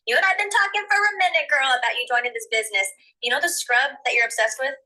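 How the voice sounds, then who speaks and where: A woman leaves a persuasive voice message at a rapid clip. Her voice is high and bright, eager and breathless. She keeps pushing the pitch the whole way through. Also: poor audio. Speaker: saleswoman recording a voice note.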